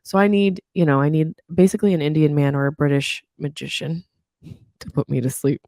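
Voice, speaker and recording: Speaking fairly quickly in a low-pitched voice, a thirty-something podcast host riffs through a casual comedic monologue, profane, animated and candid, with lots of comic asides. The studio microphone gives a clean sound without echo.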